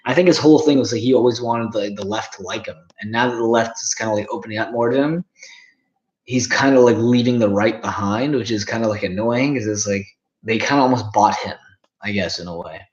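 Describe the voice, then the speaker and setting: A man's voice: on the low side, brisk, muffled recording. A man in his twenties, rambling and swearing casually while reacting to chat on a livestream. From Canada. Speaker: streamer.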